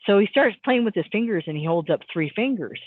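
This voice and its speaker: A middle-aged woman, a hypnotist, telling a story as a guest in an interview, acting out quotes with sudden jumps in pitch and often repeating words as she restarts. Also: brisk, no echo. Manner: animated, acts out quotes with big pitch jumps. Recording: dry tinny phone-like sound.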